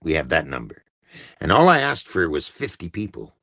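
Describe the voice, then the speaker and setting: A man's voice: low-pitched, huge pitch swings, moderate pace, sharp tone, dry recording, clean studio sound. A man hosting a livestream, delivering a profane, exasperated political rant with heavy emphasis. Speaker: livestream host.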